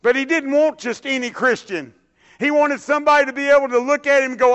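A man with a Texan accent preaching and telling his story in a folksy, unhurried way. His voice sits high for a man. It has a bright, forceful edge, and he keeps tossing in an amen. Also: steady tone, muffled recording. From Texas, USA. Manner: folksy storytelling, drawn-out phrases, frequent amens. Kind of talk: sermon with personal testimony.

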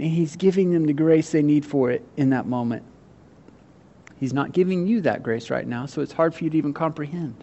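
Male pastor mid-sermon, a bit high-pitched, lively voices for quotes, hushed on scripture. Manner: animated, acts out voices in quotes, laughs often; drops to quiet, slow delivery on scripture.

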